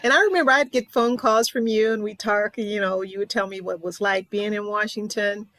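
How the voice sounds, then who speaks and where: A woman's voice: medium pitch, steady tone, fairly quick, fairly bright tone, no echo. Woman hosting a casual interview. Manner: friendly reminiscing, asks prompting questions. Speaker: host.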